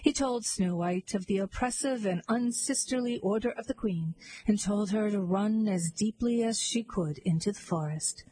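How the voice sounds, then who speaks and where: A woman narrating a fairy tale in a wry, deadpan way. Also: mid-range voice, moderate pace, a little hiss or hum, rough recording. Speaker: storyteller. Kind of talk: scripted narration.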